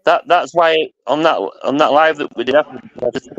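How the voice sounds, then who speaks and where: A man's voice: a little high, a little fast, fairly bright tone, dry recording, muffled recording. A man in a casual livestream chat who makes wry, mocking remarks.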